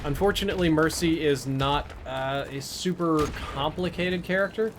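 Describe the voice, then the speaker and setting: A man's voice: fairly high pitch, moderate pace, noisy background. A man giving casual live-stream commentary as he plays, chatty and answering chat between plays. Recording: game gunfire under the voice.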